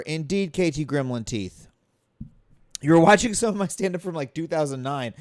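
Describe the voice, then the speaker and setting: A man's voice: fairly high pitch, animated, moderate pace, a little mellow, dry recording, clean studio sound. A middle-aged man, a comedian hosting his live stream, chatting casually and joking while he greets viewers by name. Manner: breezy, jokey, greets chat by name. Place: large stone library.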